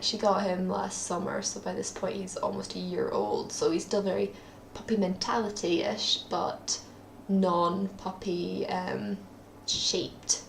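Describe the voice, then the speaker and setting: Young Scottish woman with a gravelly voice. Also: mid-range voice, roomy sound, a little hiss or hum. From Scotland. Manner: rambling and self-deprecating, many ums. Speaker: vlogger. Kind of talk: casual daily video diary. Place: at her parents' home, indoors.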